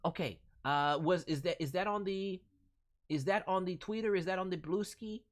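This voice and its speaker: A man's voice: sits high, moderate pace. A man on a live stream voicing viewers' characters, talking in a playful, rambling way with quirky grammar. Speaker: voice director streamer.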